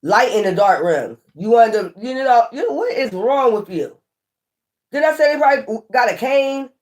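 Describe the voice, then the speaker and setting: A woman giving a casual, animated tarot reading, often scolding and repeating herself. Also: fairly high pitch, moderate pace. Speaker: tarot reader.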